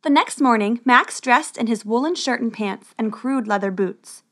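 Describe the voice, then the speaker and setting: A woman narrating a children's storybook in a lively, expressive reading. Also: a little high, normal speed.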